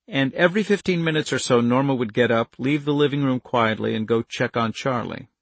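A man narrating an audiobook in a measured, even storytelling manner. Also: mid-range voice, creaky, no echo. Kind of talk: scripted narration.

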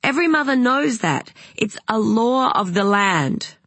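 A woman's voice: fairly high pitch, expressive, a bit bright, dry recording, pitched above the performer's own voice, exaggerated voice. A narrator voicing an outspoken, hot-tempered woman, mother of young kids. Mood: indignant. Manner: emphatic, quick to flare up.

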